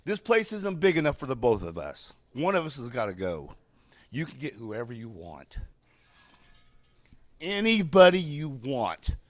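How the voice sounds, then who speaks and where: Angry wrestler, lively high voice. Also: male voice, normal speed, faint music behind. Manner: angry, swinging from quiet to shouting. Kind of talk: wrestling promo.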